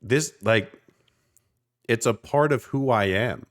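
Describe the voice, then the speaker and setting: A man's voice: medium pitch, slow. A man in his thirties from South Jersey, co-hosting a podcast in a passionate, rambling casual chat with the odd swear for emphasis. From South Jersey, near Philadelphia. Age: 30s. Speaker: podcast co-host.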